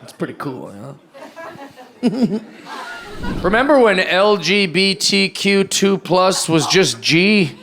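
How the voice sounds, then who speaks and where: A man's voice: high-pitched, very animated, takes it slowly, long pauses, noisy background. A man in his thirties doing a stand-up comedy set, with a loose, rambling delivery and acted-out voices, recorded live on a club stage with a handheld mic. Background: audience laughter.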